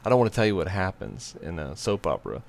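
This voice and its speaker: A man's voice: low voice, sing-song, quick pace, gravelly. A middle-aged man, chatting casually in a rambling, jokey way. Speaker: co-host. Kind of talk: casual chat.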